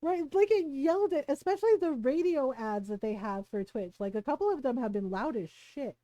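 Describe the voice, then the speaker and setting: A woman's voice: high voice, animated, brisk, warm tone, no echo, lo-fi sound. A middle-aged woman streamer chatting casually while gaming, laughing often and swearing freely.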